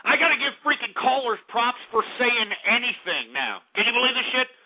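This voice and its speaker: A man's voice: extremely high pitch, sing-song, brisk. A man hosting a call-in radio show, ranting angrily and cursing as he takes calls. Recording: narrow phone-like lo-fi radio.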